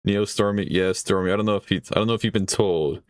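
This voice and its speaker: A man's voice: on the low side, quick pace, no room sound, studio quality. A man hosting a stream, reacting in casual commentary, rambling, swearing and laughing as he talks. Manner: rambling, swears often, laughs mid-sentence. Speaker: streamer host reacting to a video.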